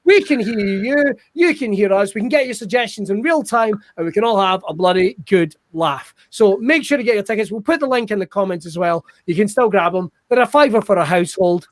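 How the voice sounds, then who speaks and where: A man hosting a live online improv show, excitable and quick to laugh, swearing freely as he talks to viewers. He is recorded close on a video-call mic with a dry sound and no room. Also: high voice, no room sound. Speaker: host.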